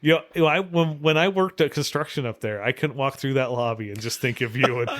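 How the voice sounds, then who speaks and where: A man's voice: a little high, big pitch swings, normal speed, fairly bright tone. A middle-aged man, a podcast guest, telling stories casually, laughing often and swearing freely. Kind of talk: casual storytelling.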